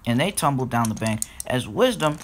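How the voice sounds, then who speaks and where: A man's voice: medium pitch, very animated, moderate pace, slight background noise. A man narrating a fan-made storybook episode and talking directly to listeners. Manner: plain reading, talks straight to listeners.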